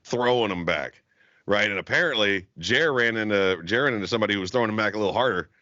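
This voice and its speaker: A young podcast co-host swears nonstop and laughs often as he rambles through a long story in casual conversation. His lowish voice is bright and forceful, and he talks quickly. The sound is dull and lo-fi, with no room sound.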